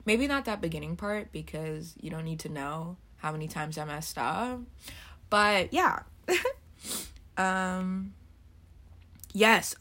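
A woman's voice: on the low side, sharp tone. A young woman hosting a solo podcast, rambling casually and swearing freely, her voice a little throaty from just waking up. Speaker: podcast host.

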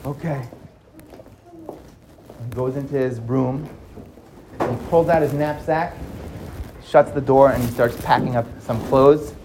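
A storyteller narrating a dramatic tale, lively and dropping low for suspense. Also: measured pace, pauses often, background noise. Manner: lively, drops to hushed for suspense.

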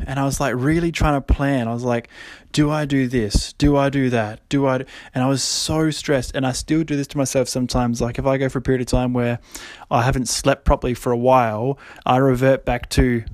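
A man's voice: mid-range voice, level tone, a little fast, hardly any pauses, a little mellow, slight background noise. A young man hosting a podcast, talking casually with many fillers and frequent laughs. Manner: rambling, lots of fillers, laughs often. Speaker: podcast host.

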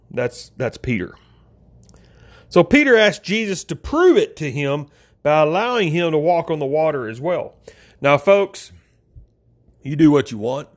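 A man preaching an informal sermon, talking straight to his listeners as folks, with big swings in pitch.

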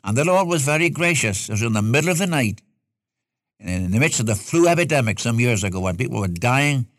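Older preacher with a dry, close sound. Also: male voice, animated, fast talker, a bit bright, no echo. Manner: reads scripture aloud, then rises in pitch to stress points. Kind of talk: expository sermon.

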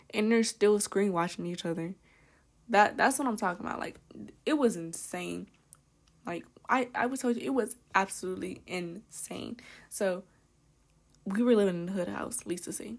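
Chatty young woman podcast host. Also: fairly low pitch. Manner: animated, laughing, profane, lots of "like". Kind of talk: casual storytime.

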